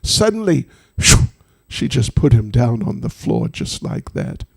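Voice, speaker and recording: A man's voice: mid-range voice, huge pitch swings, unhurried, creaky, breathy edge. A man, a spiritual teacher, telling a devotional story to an audience with humorous, chatty asides.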